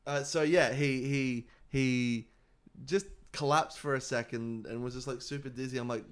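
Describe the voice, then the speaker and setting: A young man chatting on a podcast with friends. He tells his stories with animated energy and drops the occasional swear. His pitch sits in an ordinary middle range for a man. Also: moderate pace. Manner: animated storyteller, swears freely. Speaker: podcast co-host. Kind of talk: casual chat.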